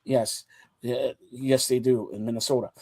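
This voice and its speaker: A man's voice: medium pitch, moderate pace, creaky. A man hosting a casual sports chat show, teasing his co-hosts and talking over them. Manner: teasing, talks over others, animated.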